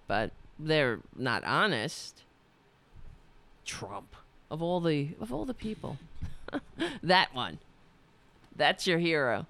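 A livestream host rants angrily, swearing and mocking herself in her commentary. Her medium-pitched voice is very animated and fairly bright, she takes it slowly with frequent pauses, and there's no echo.

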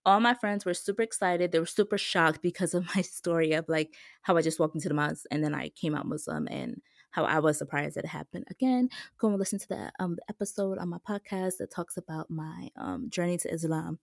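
Chatty young woman with a low voice. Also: a little fast, vocal fry, no echo, clean studio sound. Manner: chatty, heavy use of "like", animated when retelling others. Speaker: podcast host. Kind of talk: casual personal storytelling.

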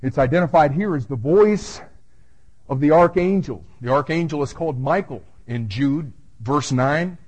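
Male pastor, slightly higher voice, conversational verse-by-verse sermon with restarts, booming scripture quotes. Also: moderate pace, a little mellow, husky, rough recording. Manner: conversational preaching with repeated restarts, booming when quoting scripture.

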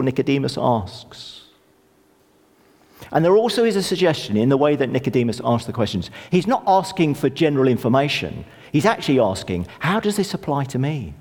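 Man preaching a sermon, middle-aged, animated up-and-down delivery, chatty humour, long church reverb. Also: a little high, moderate pace. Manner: lively, conversational, self-deprecating humour. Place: church hall.

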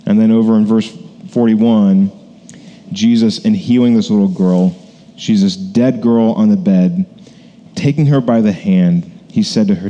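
A man's voice: on the low side, steady tone, unhurried, warm tone, highs cut off. A man, a pastor, preaching a casual, conversational sermon full of asides and fillers.

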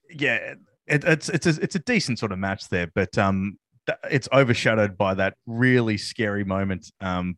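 A man's voice: lowish voice, no room sound. Chatty man, dry close sound. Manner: rambling, frequent fillers and laughs. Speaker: podcast co-host. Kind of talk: casual chat reviewing wrestling.

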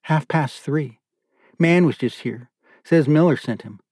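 A man's voice: a little high, a little slow, slightly rough, dry recording, clean studio sound, voice pushed up. A man voicing a worried, blunt woman looking after her ailing husband, speaking up sharply. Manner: sharp, pleading, raised voice.

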